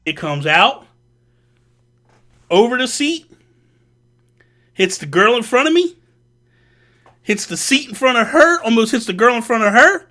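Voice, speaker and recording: A man hosting a vlog, telling a personal story in an animated, casual way with slang. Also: extremely high pitch, unhurried, long pauses. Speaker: vlog host. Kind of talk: storytelling to camera.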